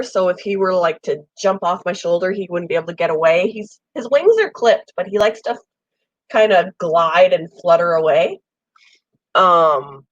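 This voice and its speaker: A woman's voice: on the low side, no echo, highs cut off. A woman with a cold hosting a casual pet chat at home, rambling with lots of ums and an occasional cough. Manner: rambling, friendly, many ums. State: has a summer cold, coughing. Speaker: pet channel host. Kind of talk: casual live chat with viewers. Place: home room with air conditioner.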